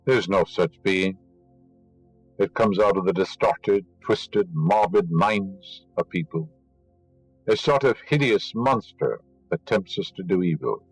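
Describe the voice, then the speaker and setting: Low-voiced man giving an emphatic spiritual lecture. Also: husky, low-quality recording. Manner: emphatic, scornful of superstition; teaching, rhetorical questions. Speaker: inspirational lecturer.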